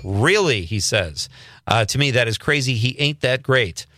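A man's voice: mid-range voice, animated, normal speed, background noise. A man hosting a casual radio talk show in a studio, reading listener texts aloud and laughing often.

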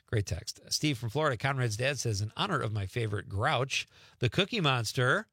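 A husky, mid-range voice belongs to a middle-aged man running a radio talk show in a studio. Over a studio microphone with no room sound, he reads listeners' texts casually, joking and reacting fast.

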